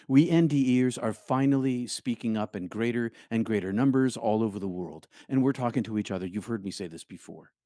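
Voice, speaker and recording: A middle-aged man hosts a meditative spiritual talk in a slow, mellow, relaxed voice. He lingers on words and lets many phrases fall quiet. The sound is close and dry. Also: mid-range voice, dry recording. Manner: slow, reflective, drops to near-hushed phrases. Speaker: spiritual speaker and show host.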